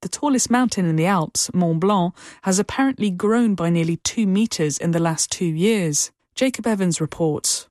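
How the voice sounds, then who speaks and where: A woman newsreader delivers the bulletin in a measured, formal tone. Her voice is on the low side, and the read is dry and close. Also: darkish tone, no echo. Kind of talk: news bulletin.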